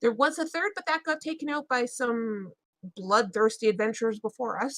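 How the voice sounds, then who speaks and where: A woman with a fairly high voice speaks in character at a tabletop game, pausing often with ums and small restarts. Her voice is close and dry, with no room sound. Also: fairly bright tone, no echo. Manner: hesitant, many fillers and restarts. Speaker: player. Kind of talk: in-character tabletop role-play.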